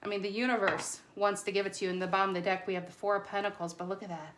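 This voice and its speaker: A woman talks through a tarot spread to camera in a casual, chatty way, her voice pitched in the middle range. She gets excitable and trips over her words, a little nervous about being recorded. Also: rapid-fire, noisy background. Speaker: tarot reader.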